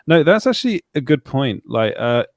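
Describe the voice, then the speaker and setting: A man's voice: medium pitch, sing-song, moderate pace, dry recording, studio quality. A man with a British accent co-hosting a live show, chatting casually and rambling with frequent laughs. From England. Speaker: co-host.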